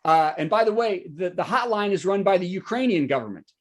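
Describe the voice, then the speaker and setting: A man, a comedian hosting a virtual show with a topical news monologue and quick asides to the audience. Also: high voice, animated. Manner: joking asides, checks in with the audience. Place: home setup for a virtual show.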